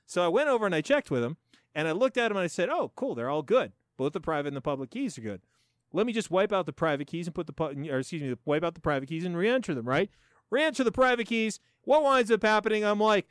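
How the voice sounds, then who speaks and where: A man's voice: sits high, a little fast, smooth, no room sound, studio quality. A man in his forties hosting a profane, sarcastic commentary show, ranting with lots of swearing. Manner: animated, sarcastic, swears a lot. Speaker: show host.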